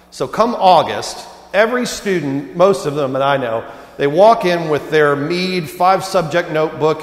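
A man in his thirties preaching a sermon as pastor, telling stories in a relaxed, humorous, conversational way. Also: fairly high pitch. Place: church sanctuary. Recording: echoey church hall with long reverb.

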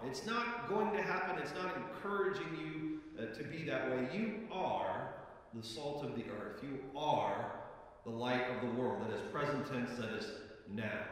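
A male pastor delivers a sermon in a casual, talky manner, leaning on little fillers and repeating key phrases for weight. His voice rings through a large, reverberant church space. It is picked up from well back in the room rather than close on the mic. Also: mid-range voice. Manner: relaxed, conversational preaching with frequent "uh" fillers and emphatic repetitions. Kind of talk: sermon with scripture reading. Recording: echoey hall, voice picked up from a distance.

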